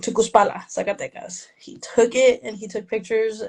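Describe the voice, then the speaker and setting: This interview features a woman writer raised in the US by a Mexican family, speaking at a normal speed in a steady, darkish voice on the high side. The recording is rough. She's relaxed and pokes fun at herself, laughing a lot and mixing Spanish into her English.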